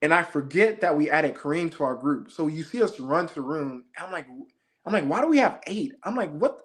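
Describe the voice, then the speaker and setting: A young man, a former game show contestant, retelling his experience as an interview guest in an excited, fast-moving casual chat. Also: on the high side. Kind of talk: animated storytelling in casual chat.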